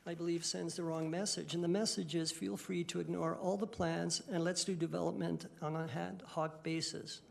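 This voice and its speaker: A man speaking as a city councillor, making a firm, deliberate argument in a formal council debate from a council chamber desk microphone. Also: high voice, creaky.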